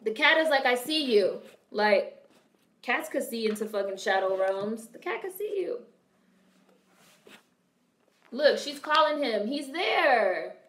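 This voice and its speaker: A woman's voice: on the high side, animated, measured pace, fairly bright tone, echoey room. Chatty woman streamer, swearing freely. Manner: chatty, swearing, reads and answers viewer chat. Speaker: streamer reacting to a film. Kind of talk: casual live-stream commentary.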